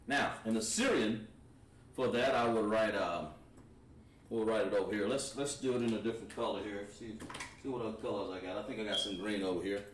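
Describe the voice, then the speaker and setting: A man teaching an online language class, explaining step by step as he writes on a board. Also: on the low side. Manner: relaxed, explains step by step while writing on a board. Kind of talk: online class lesson at a whiteboard. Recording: echoey room, mic at a distance.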